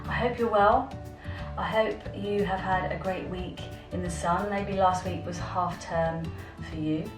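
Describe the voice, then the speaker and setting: A woman's voice: lowish voice, steady tone, measured pace, reverberant, far from the mic, music in the background. A woman teaching an online yoga lesson for children, encouraging them step by step.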